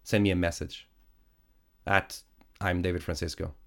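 A man's voice: low voice, steady tone, moderate pace, vocal fry. A man whose first language is Portuguese, hosting a solo podcast in a casual, rambling chat with a stuffy nose from sinusitis. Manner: rambling, self-correcting, chatty with frequent fillers. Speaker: podcast host. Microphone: studio podcast microphone.

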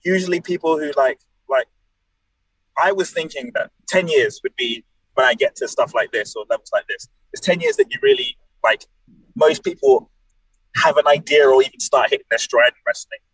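Brief: man, late 20s, wrestler guest, jokey and animated, slightly high voice. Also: moderate pace, breathy edge, dry recording, poor audio. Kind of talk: casual podcast chat.

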